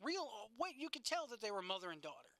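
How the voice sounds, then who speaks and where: A woman's voice: fairly high pitch, very animated, fast, fairly bright tone, no room sound. A woman co-hosting a casual chat show, telling stories animatedly and swearing freely. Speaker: podcast co-host.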